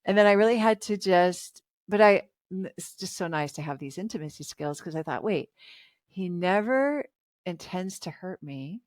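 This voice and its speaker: A woman's voice: on the low side, animated, normal speed, a little mellow, no room sound, clean studio sound. A woman in her fifties, a relationship author talking as a guest in a casual interview, chatty and reflective and laughing often.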